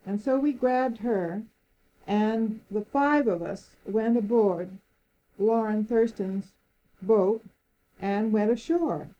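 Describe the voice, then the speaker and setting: An older woman reminisces about old times in an oral history interview, a lively storyteller who laughs often and acts out quoted speech. She speaks slowly at medium pitch, and the recording's highs are cut off.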